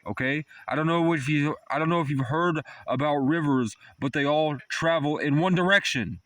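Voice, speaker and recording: A man in a comedic outdoor rant by a tent at night near a river, profane and rambling as he yells and taunts an animal. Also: fairly high pitch, moderate pace, no room sound.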